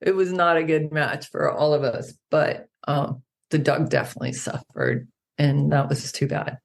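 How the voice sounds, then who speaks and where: A woman animal naturopath, a podcast guest, who tells stories in a lively way and acts out the people she quotes. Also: low voice, moderate pace, vocal fry. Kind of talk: casual podcast conversation.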